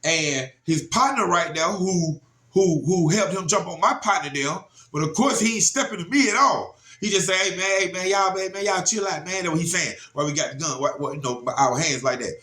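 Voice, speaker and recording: Speaking at a normal speed, a drawling man from Georgia relates a story in a relaxed, lively way. His pitch runs slightly high for a man, and he often asks "you know what I'm saying" to check in with his listener. A roomy echo surrounds his voice.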